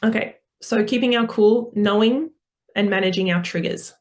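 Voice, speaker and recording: A woman's voice: medium pitch, normal speed. A woman speaking as a parenting coach guest in a podcast interview, earnest and explanatory, with frequent fillers and restarts.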